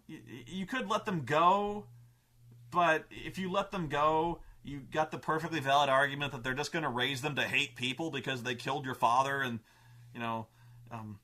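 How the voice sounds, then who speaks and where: A man telling gaming stories in a casual monologue, animated, swearing and acting out players' quotes in raised voices. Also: medium pitch, normal speed. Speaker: show host telling tabletop gaming stories.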